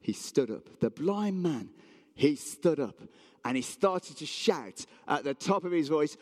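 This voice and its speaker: A man's voice: a little high, measured pace, long reverb tail. A man telling a Bible story in a sermon, acting out the townspeople's voices. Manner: animated, acts out voices of townspeople. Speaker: preacher.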